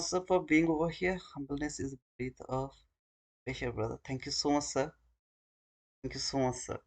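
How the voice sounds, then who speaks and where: A man's voice: mid-range voice, a bit bright. A man hosting a live trading stream, talking to his viewers in an earnest, informal way.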